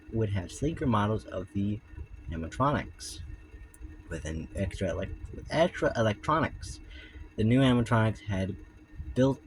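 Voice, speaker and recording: A man's voice: lowish voice, low-quality recording. A young man reading his own fan-fiction book aloud in a casual manner, stumbling and correcting himself as he goes. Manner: informal, with restarts and self-corrections. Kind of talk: casual read-aloud narration.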